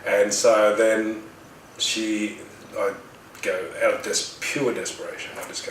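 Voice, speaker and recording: Low-voiced man, roomy distant sound. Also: measured pace, background noise. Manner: animated retelling, acts out his own shouting. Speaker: guest telling his story. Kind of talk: casual storytelling.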